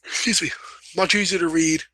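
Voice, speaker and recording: A young man with a bright, forceful voice pitched a little high, talking through a writing lesson in a relaxed, rambling way. He stops to correct himself and apologize as he goes. The sound is dry and close, with no room echo. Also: normal speed. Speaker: host. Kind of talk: casual instructional talk.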